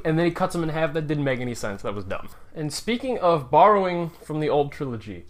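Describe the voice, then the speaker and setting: A man's voice: on the high side, big pitch swings, quick pace, few pauses. A man giving a casual, opinionated movie review, ranting with sarcasm as he picks apart scenes. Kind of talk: casual spoiler review rant.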